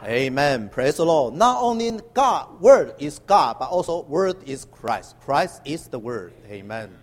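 Delivering a sermon, this high-voiced, lively male preacher is heard in a hall with plenty of reverb. He stumbles along with frequent "uh"s and punches out emphatic call-and-response lines.

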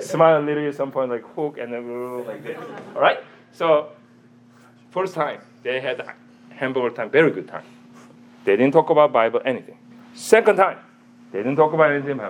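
Male church teacher, mid pitch, very lively delivery, broken phrasing, sermon style. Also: slight background noise. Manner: animated, quizzes the audience.

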